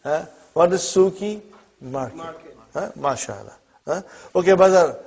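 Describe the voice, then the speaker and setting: A man's voice: fairly high pitch, lively intonation, a little slow, creaky, a little mellow. A man teaching an Arabic class, walking students through example sentences with frequent "huh?" and "okay?" checks, patient and encouraging. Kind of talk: classroom lesson. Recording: dull lo-fi classroom recording.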